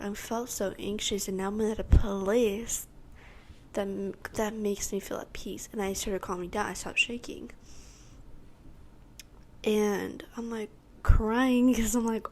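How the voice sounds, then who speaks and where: Here a Texas teenager hosting a podcast delivers a rambling personal testimony, acting out what others told her and what she said back. Her medium-pitched voice barely moves in pitch, keeping a measured pace with a slightly mellow sound.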